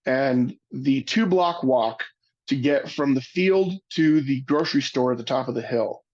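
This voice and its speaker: A man giving a webinar talk, telling a personal story in an earnest, halting way, often restarting his sentences. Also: mid-range voice, darkish tone, dull audio. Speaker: webinar speaker.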